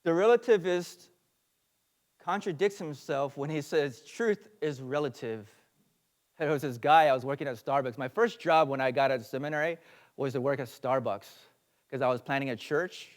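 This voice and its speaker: A man's voice: on the high side, moderate pace. Earnest man teaching a sermon. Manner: earnest lecturing with fillers and asides. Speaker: pastor.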